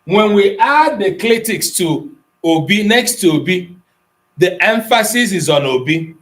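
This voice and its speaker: A middle-aged Nigerian man with an Igbo accent teaches a language class, slipping between Igbo and English. His voice sits a little high for a man, and he explains things patiently, stopping to check in with his students. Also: animated, unhurried, fairly bright tone, rough recording. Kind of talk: online class lesson, mixing Igbo and English.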